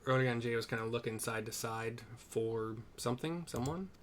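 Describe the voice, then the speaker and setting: A man's voice: medium pitch, normal speed, crowd noise. A man casually narrating and describing a game story, with chatty muttered asides. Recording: game music underneath.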